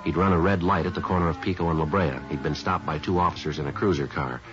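A man's voice: low voice, fairly even intonation, fast, natural voice. A man playing a terse radio-drama detective. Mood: clipped report. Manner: clipped, matter-of-fact delivery. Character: terse male police detective narrating his case. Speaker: narrator and lead detective. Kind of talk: 1950s radio crime drama. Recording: lo-fi old radio recording with music.

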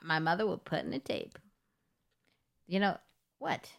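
A woman's voice: on the low side, lively intonation, unhurried, gravelly. A woman co-hosting a podcast, telling a story in a rambling, giggly, casual way. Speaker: podcast co-host. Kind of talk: casual chat.

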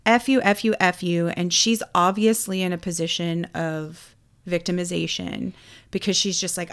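A Texan woman co-hosting a casual chat, telling travel stories in a lively way and acting out what people said. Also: on the low side, moderate pace, clear, resonant tone. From Texas. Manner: animated storyteller, acts out quotes. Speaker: podcast co-host.

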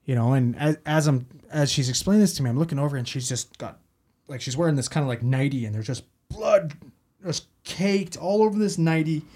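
A man's voice: a little high, lively intonation, a little fast, a little mellow. A man, a paramedic telling a story in casual talk, rambling and swearing a lot. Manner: heavy swearing, rambling with fillers.

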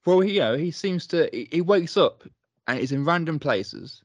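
A man's voice: a little high, animated, normal speed, no room sound, dull audio. A British man co-hosting a casual chat, easygoing and agreeable, laughing along with his partner. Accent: British English. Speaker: podcast co-host.

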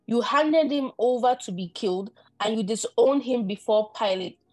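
A woman reading scripture aloud in a steady, deferential way during a sermon. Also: fairly high pitch, normal speed, no room sound, soft background music. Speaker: scripture reader.

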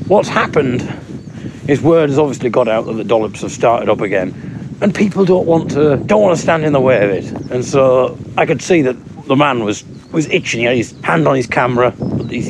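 A man, a stand-up comedian recording a casual spoken blog while walking outside, rambling with dry, self-mocking humour. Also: mid-range voice. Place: outdoors on an urban street with traffic. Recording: street noise behind a mobile recording.

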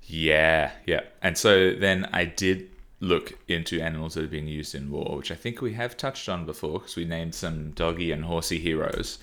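Young male co-host, very deep but bright voice, giggly and rambling. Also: normal speed, few pauses. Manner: rambling, giggly, with many fillers. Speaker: podcast co-host. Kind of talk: casual chat.

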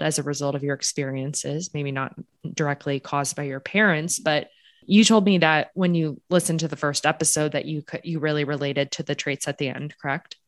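A woman's voice: low-pitched, no echo. A woman hosting a podcast interview in a casual, frank way, with fillers like "um" and "like.". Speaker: podcast host.

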